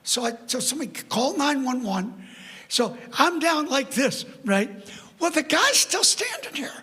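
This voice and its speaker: Older man, guest preacher, high bright voice, storytelling, long church reverb. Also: normal speed. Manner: animated, laughing storyteller. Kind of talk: storytelling sermon. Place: church sanctuary. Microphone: PA microphone.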